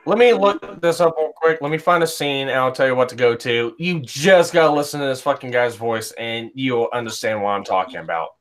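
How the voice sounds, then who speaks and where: A man's voice: mid-range voice, a little fast, few pauses. A man hosting a casual chat, rambling and blunt with heavy swearing. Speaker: podcast host. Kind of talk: casual chat reviewing anime.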